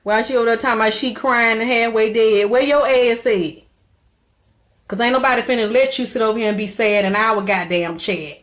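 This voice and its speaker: A woman's voice: a little high, steady tone, brisk, a bit bright. A woman hosting a live stream, chatting brashly with her viewers, laughing and cursing freely. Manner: brash, profane, laughing, talks back to a chat. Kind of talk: casual live-stream chat.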